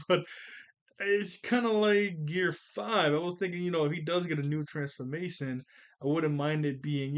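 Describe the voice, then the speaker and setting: Male host with a slightly high voice doing loose, excitable film commentary, quick to laugh. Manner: excitable, laughs often, stumbles over words. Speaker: channel host reacting to an anime film.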